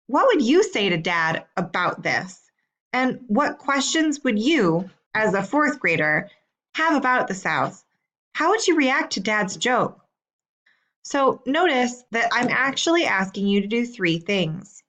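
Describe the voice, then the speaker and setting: A woman teacher reading out homework questions in a slow, clear, deliberate way. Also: a little high, very animated, a bit bright, lo-fi sound. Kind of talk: recorded assignment instructions.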